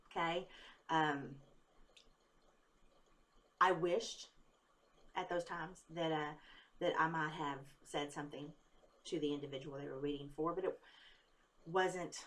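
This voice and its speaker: A woman's voice: deep voice, fairly even intonation, measured pace, pauses often, a bit bright. A tired woman talking straight to camera as a psychic vlogger, rambling and candid, laughing often and swearing when angry. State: tired after a workday. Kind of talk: casual talk to camera.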